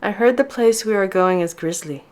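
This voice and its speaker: A woman's voice: medium pitch, moderate pace, pitched above the performer's own voice, lightly acted. A woman voicing a young Russian woman who fears flying, speaking in a Russian accent with an anxious, pleading manner. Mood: worried.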